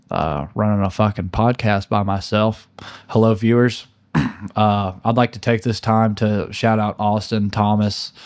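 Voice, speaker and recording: Young man rambling deadpan in a podcast chat. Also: lowish voice, no room sound. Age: young adult. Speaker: podcast guest.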